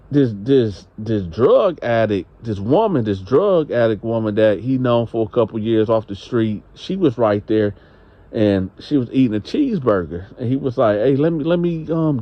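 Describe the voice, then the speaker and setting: A man's voice: mid-range voice, animated, measured pace, highs cut off. A man telling a story in a casual, rambling, conversational way. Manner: rambling, conversational, unsure on details. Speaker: channel host.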